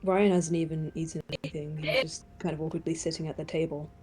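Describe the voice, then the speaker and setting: This is a woman with a lowish voice who speaks in a dry, plain way. A faint background noise sits behind her. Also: fairly even intonation, quick pace, a little mellow. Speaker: player. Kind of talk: casual chat among tabletop players.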